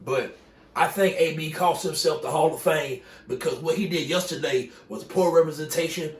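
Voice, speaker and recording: A man's voice: fairly high pitch, normal speed, distant mic. Heated man ranting in an echoey room. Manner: heated, profane, repeats himself for emphasis. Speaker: sports commentator. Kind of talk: casual sports opinion rant.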